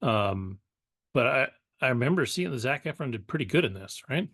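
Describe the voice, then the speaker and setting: A man's voice: mid-range voice, normal speed, breathy edge, no room sound. Man, podcast co-host, casual chat, rambling, dry close mic. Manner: relaxed, rambling, many fillers. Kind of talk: casual pop culture chat.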